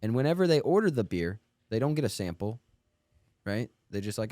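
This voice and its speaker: A man in his twenties, co-hosting a podcast and telling a story in casual chat, animated and swearing freely. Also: fairly low pitch, a little fast. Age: 20s. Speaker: podcast co-host. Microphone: studio podcast mic.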